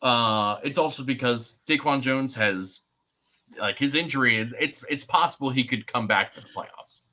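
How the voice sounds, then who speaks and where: A young man co-hosts a sports podcast, chatting casually in a loose, rambling way with plenty of fillers and restarts. His bright, forward voice is medium in pitch and moves at a moderate pace.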